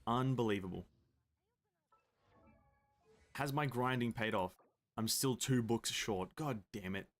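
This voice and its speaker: A man's voice: medium pitch, slow pace. Rambling streamer man. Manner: rambling, joking, reads chat aloud. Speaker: game streamer. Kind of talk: casual live-stream chat.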